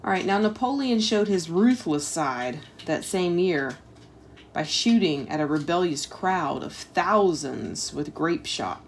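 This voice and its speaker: Mom reading a history lesson out loud, chatty asides, kinda low voice, bit of background hiss. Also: female voice, lively intonation, measured pace. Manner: casual asides with fillers like "like" and "um". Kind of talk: reading aloud and explaining to a child.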